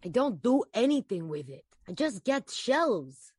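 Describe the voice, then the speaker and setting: Woman reads a smooth, bossy male con artist; casual read-through with a flat, pushy delivery. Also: a little high, unhurried, dry recording, clean studio sound, full character voice. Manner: pushy, demanding, flat line reading.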